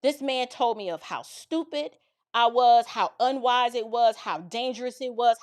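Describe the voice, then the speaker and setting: A woman from the Bronx, telling a personal story in a casual, animated way with asides to her listeners. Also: fairly high pitch. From the Bronx, New York. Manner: animated, dramatic retelling with lots of asides to the listener.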